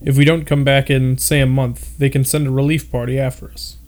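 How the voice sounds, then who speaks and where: A man's voice: medium pitch, little pitch movement, brisk, darkish tone, natural voice. A man voicing a boastful, scoffing wealthy young explorer in a read-aloud story. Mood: cocky.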